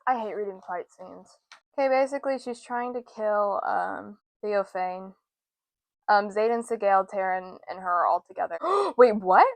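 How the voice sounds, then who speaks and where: A woman's voice: medium pitch, moderate pace, vocal fry, no room sound. A woman giving a casual book recap, chatty and loose, with lots of fillers and the odd swear. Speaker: book vlogger.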